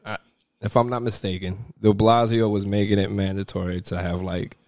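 A man's voice: fairly low pitch, little pitch movement, moderate pace, darkish tone, no room sound, clean studio sound. A young man from New York co-hosting a podcast, talking bluntly in slang and cursing freely. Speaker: podcast co-host. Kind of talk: casual podcast chat.

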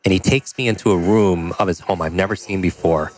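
A man telling a personal story as a podcast guest, animated and full of "like" and "you know". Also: low voice, quick pace. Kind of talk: storytelling in a conversational interview.

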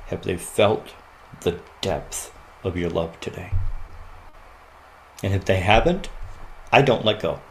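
A man's voice: low-pitched, lively intonation, slow, long pauses, fairly bright tone, slight background noise. A man who is a podcast guest, telling personal stories in an earnest, reflective way and often laughing. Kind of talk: heartfelt podcast conversation.

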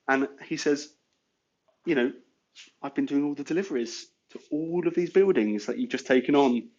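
A man's voice: medium pitch, dull audio. A man telling business stories in a casual, rambling way, full of "you know". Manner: chatty, filler-heavy with lots of "you know". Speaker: guest business owner. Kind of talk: casual storytelling.

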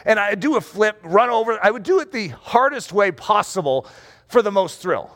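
Animated, high-voiced preacher man. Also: normal speed. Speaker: pastor. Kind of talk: sermon. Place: room with rows of chairs.

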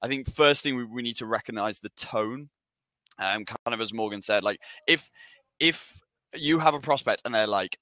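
A man hosting a casual panel discussion, energetic and chatty, with many fillers and restarts. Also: fairly low pitch, moderate pace, dry recording. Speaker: webinar host.

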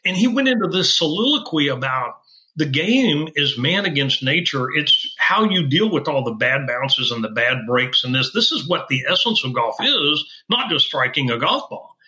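A man's voice: on the high side, big pitch swings, moderate pace, pushed and bright, rough recording. A middle-aged man who designs golf wedges, telling stories in an interview with an emphatic, self-assured manner. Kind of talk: interview conversation.

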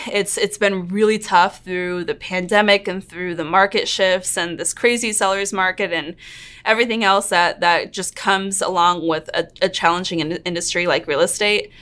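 A woman in her thirties hosting her own real estate coaching channel, talking earnestly and openly to camera, quick to get emotional. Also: mid-range voice, a bit bright. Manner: earnest, open and emotional, laughs and nearly cries. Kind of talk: intro narration then casual one-on-one chat to camera.

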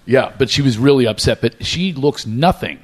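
A man's voice: medium pitch, lively intonation, moderate pace, slightly rough. A man from Philadelphia who hosts a podcast, chatting casually and telling earnest anecdotes. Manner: earnest, anecdotal, frequent backchannels. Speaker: podcast host. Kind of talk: casual chat.

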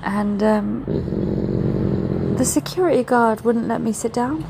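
A woman's voice: mid-range voice, huge pitch swings, slow pace, creaky. A woman, talking casually to camera as she walks through city streets, chatty and blunt with plenty of swearing. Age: 40s. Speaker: travel vlogger. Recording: phone audio with traffic noise. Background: street traffic.

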